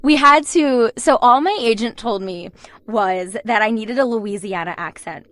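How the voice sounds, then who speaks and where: A woman's voice: on the high side, measured pace, fairly bright tone, dry recording. A young adult woman, a voice actor, telling stories in a casual interview and laughing often. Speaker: voice actor guest.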